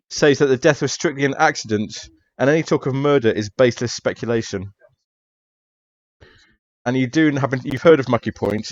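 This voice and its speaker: A man's voice: mid-range voice, dry recording, dull audio. A man running a tabletop mystery game as game master, narrating hesitantly with many fillers.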